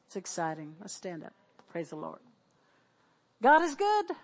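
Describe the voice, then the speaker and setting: A woman's voice: on the low side, huge pitch swings, measured pace. A middle-aged woman pastor preaching, exhorting the congregation with call-and-response and repeated declarations. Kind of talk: sermon.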